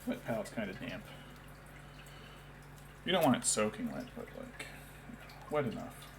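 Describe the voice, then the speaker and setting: A man's voice: lowish voice, sing-song, a little slow, creaky, background noise. A young man chatting casually while painting miniatures on a stream, rambling and now and then talking baby talk to his cat.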